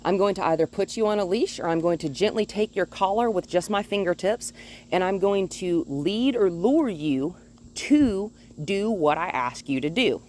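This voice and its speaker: A woman dog trainer filming outdoors on a phone held in one hand, calmly explaining her methods and now and then talking to the dog in a high sing-song voice. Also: normal speed, slight background noise. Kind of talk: instructional dog-training video. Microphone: phone held in one hand while filming.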